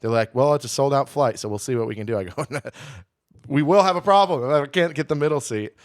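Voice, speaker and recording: A man's voice: mid-range voice, fast, no room sound, studio quality. Profane storytelling podcast man. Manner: animated, profane, self-deprecating storyteller. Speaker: podcast co-host. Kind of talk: casual comedic storytelling.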